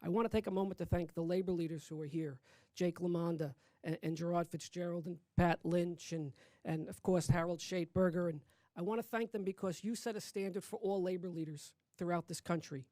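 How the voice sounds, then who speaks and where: Earnest labor leader with a mellow voice. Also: male voice, high voice, fairly even intonation, a little fast, dry recording. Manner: grateful, earnest. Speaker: state labor federation president. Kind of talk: press conference remarks.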